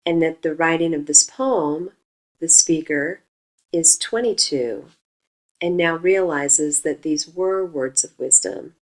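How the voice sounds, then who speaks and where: A woman teacher slowly explaining the meter of a poem in a recorded lecture, stressing the beats as she scans. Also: low-pitched, low-quality recording. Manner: slow, deliberate explaining, stresses beats when scanning verse.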